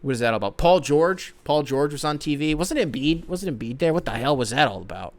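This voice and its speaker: A young man hosting a sports podcast, ranting profanely and excitably, swinging between loud outbursts and low mumbles. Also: brisk. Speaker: podcast host.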